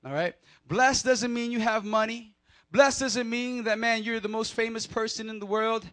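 A man giving a playful, energetic sermon to a youth crowd, leading call-and-response and laughing with them. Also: very high voice, moderate pace. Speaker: youth pastor.

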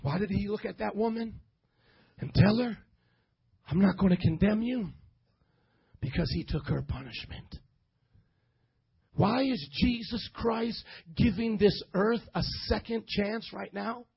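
A man pastor preaching a sermon, calling out to his congregation and building to shouts. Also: sits high, lively intonation, unhurried, gravelly, long pauses, breathy edge, highs cut off. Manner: preaching with rising shouts and audience call-and-response.

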